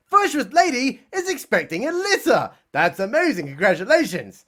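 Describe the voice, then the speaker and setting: A man with a high-pitched voice narrates a comedy recap, sneering and sarcastic throughout. His pitch swings widely from line to line. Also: huge pitch swings, moderate pace, a bit bright. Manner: sarcastic, mocking. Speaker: comedy reviewer.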